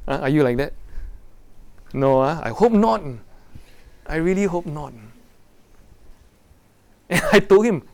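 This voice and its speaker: Guy preaching to teens, kinda high voice, lots of so what, asks the crowd stuff. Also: slow, gravelly, long pauses. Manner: animated, rhetorical questions, acts out quoted voices. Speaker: preacher to young people. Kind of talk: sermon.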